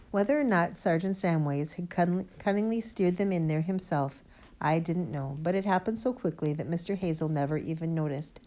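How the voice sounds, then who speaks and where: A woman narrating a children's storybook aloud in an expressive, lively way. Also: lowish voice. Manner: lively expressive reading, first-person boy narrator. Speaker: audiobook reader.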